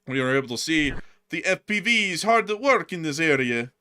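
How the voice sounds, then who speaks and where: A man's voice: on the high side, sing-song, normal speed, sharp tone, slight background noise. A man hosting a war news show, giving casual commentary and joking as he addresses his viewers as folks.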